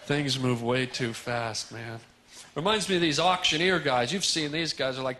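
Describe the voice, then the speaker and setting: A man doing a stand-up comedy set on a club stage, animated and teasing the crowd. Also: mid-range voice, moderate pace. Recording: live club recording, audience laughter and noise.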